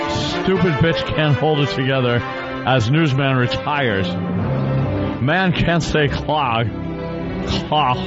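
A man's voice: mid-range voice, close to an everyday voice. A man doing a bumbling solemn anchorman. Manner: mock-solemn newsreader delivery with deliberate mispronunciations. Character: veteran male TV anchorman, solemn, stumbling on words. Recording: muffled radio broadcast with music.

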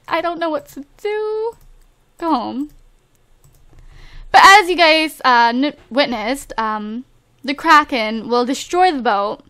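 A woman's voice: high-pitched, a bit bright. A woman hosting a casual let's-play, chatting to her viewers and teasing the game characters, with lots of filler words. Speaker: gameplay video host.

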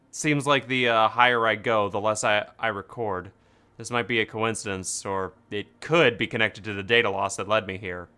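A man's voice: on the low side, sharp tone, smooth. A man playing a game with friends, reading on-screen text aloud with stumbles, laughter and swearing. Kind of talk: casual let's-play chat.

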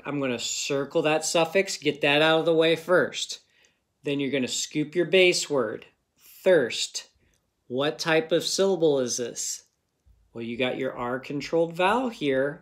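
A man teaching young children to read, talking slowly and patiently. He breaks words into single sounds and stretches them out. He keeps checking in with the class after nearly every sentence. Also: a little high, fairly bright tone. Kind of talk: phonics lesson for children.

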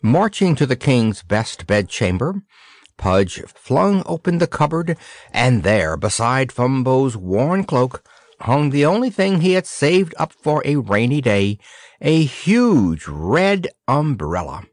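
Lively male storybook narrator. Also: medium pitch, takes it slowly, no echo, clean studio sound. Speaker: audiobook narrator.

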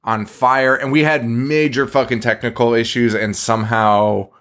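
A man's voice: medium pitch, fairly even intonation, moderate pace, a bit bright. A young man chats loosely as a podcast co-host. He swears freely and laughs often between thoughts. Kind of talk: casual podcast chat.

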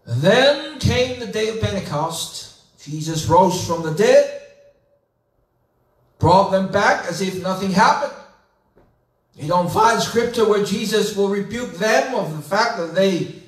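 A man pastor preaching a sermon, retelling scripture slowly and dramatically, building to emphatic questions. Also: high voice, reverberant, distant mic. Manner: slow, dramatic storytelling with rising emphatic questions. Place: church sanctuary.

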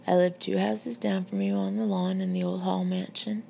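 A woman voices a tiny, elegant old Southern lady with genteel, prim courtesy, her voice fairly low, gravelly and mellow, with little pitch movement at a moderate pace. The recording is muffled and lo-fi with a faint hiss.

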